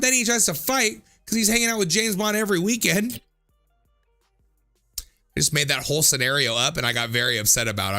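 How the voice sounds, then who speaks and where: Gravelly guy in his 30s goofing off reading chat comments, voice all over the place, swears a lot. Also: high-pitched, brisk, soft background music. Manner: animated, jokey, swears freely, laughs often. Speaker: streamer reading viewer comments. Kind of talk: casual comedic commentary.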